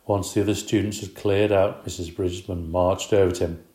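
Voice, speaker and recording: Guy reading a kids story out loud, lively, lowish voice, echoey room. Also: moderate pace. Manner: lively, expressive. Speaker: narrator.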